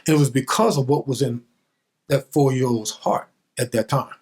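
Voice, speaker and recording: A former football player, guesting on the show, tells a childhood story with energy and drama. His mid-range voice has a darkish tone and breathy edge, and he speaks at a moderate pace.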